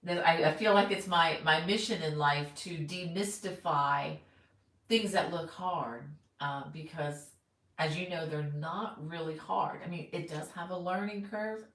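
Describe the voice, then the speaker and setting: A woman's voice: deep voice, a little slow, a bit bright, echoey room, rough recording. A middle-aged woman teaching crochet, chatting casually on a live stream and greeting viewers by name.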